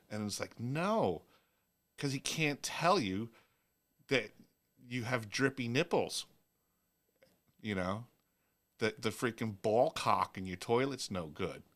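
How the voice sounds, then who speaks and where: New guy hosting a livestream, lowish voice, laughs at his own dirty jokes. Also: lively intonation, unhurried, fairly bright tone. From Long Island, New York. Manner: crude joking, laughs often. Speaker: host; plumber. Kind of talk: casual livestream chat.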